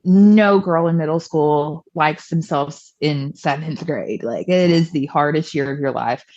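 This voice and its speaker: A woman's voice: deep voice, unhurried, darkish tone, no echo, highs cut off. A young woman from the American South, chatty and self-deprecating, telling her personal story as a podcast guest and acting out past conversations.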